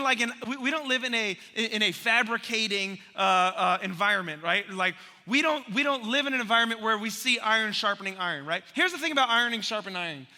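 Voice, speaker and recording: A man preaching a sermon as pastor, conversational and humorous, an animated storyteller who acts out voices, recorded live in a church sanctuary. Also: extremely high pitch. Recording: long church hall reverb from a live sermon.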